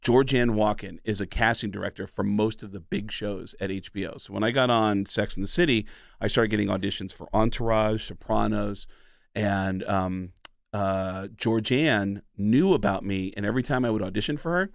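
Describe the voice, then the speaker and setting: A male comedian guest telling stories in a casual, animated way, slipping into voices as he goes. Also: fairly low pitch, normal speed, gravelly, dry recording, clean studio sound. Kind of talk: casual storytelling.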